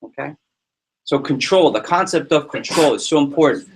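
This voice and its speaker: Energetic man giving a motivational talk. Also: a little high, moderate pace, a little hiss or hum. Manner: energetic, repeats himself, tells anecdotes. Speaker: team leader running a sales prep meeting.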